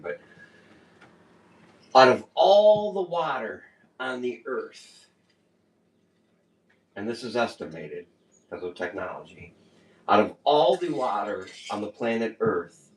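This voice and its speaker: A man co-hosting a podcast in casual chat, rambling and animated, often laughing as he tells stories. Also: on the low side. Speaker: podcast co-host. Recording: echoey room, distant mic.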